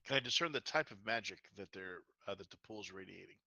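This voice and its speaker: A man's voice: on the low side, lively intonation, quick pace, vocal fry, sharp tone, no room sound, poor audio. A man playing a tabletop game, describing his character's actions in a hesitant way with many fillers. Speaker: player.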